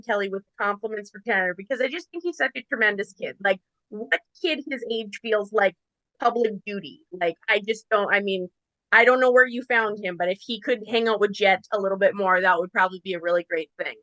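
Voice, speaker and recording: A woman's voice: medium pitch, fairly quick, sharp tone, no echo, highs cut off. A woman co-hosting a podcast, chatting in a gushing, loose way full of "like". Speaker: podcast co-host. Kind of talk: casual podcast chat.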